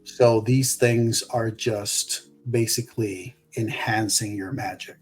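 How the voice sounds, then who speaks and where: Male game master, unhurried narration, mid-pitched voice. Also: steady tone, soft background music. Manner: slow, descriptive narration.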